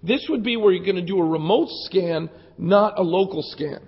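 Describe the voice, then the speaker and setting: At a security conference, a man gives a live technical talk with demos, making casual, joking asides to the audience. Jet lag is costing him his voice, which is raspy, fraying, and a little high for a man, at a normal speed. The lo-fi recording from the conference hall carries a long reverb.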